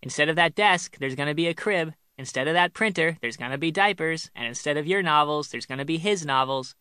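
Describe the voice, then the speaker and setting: A bossy middle-aged mother-in-law, as a male narrator puts her on, teasing in a lilting sing-song. The voice sits a little higher and bright, recorded close and dry with no room sound. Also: fairly quick, clean tone, no room sound.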